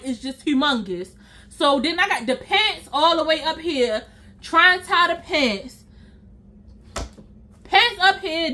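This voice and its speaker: A woman's voice: high-pitched, sharp tone. A young woman vlogger telling a story in a casual way, speaking straight to her viewers and acting out her own reactions.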